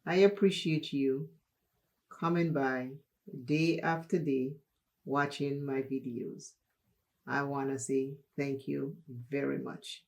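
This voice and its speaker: A woman from Dominica, hosting a makeup tutorial and telling a personal story in an unhurried, chatty way. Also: rumbling low, fairly even intonation, vocal fry. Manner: unhurried, chatty, laughs while telling stories. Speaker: makeup channel host.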